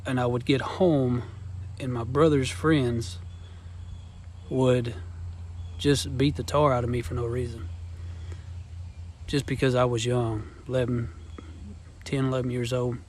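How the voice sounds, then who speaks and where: A man's voice: medium pitch, flat delivery, a little slow, pauses often, darkish tone, a little hiss or hum. Earnest man sharing a personal testimony. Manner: earnest, rambling, Southern-style phrasing.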